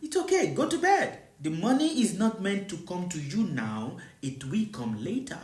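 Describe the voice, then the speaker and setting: Spiritual teacher preaching live, repeats stuff a lot, keeps asking do you understand, bouncy pitch, echoey room. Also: sing-song, moderate pace, darkish tone. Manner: repeats rhetorical questions to listeners; repetitive, emphatic preaching.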